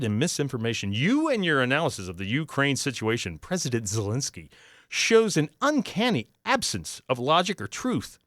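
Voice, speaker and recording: A talk-radio man rambles through listener emails in a lively, up-and-down voice, quick to defend himself. His tone is smooth and clear, close on a studio mic with a dry, dead room. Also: mid-range voice, no room sound. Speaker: radio producer filling in as host. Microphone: studio microphone.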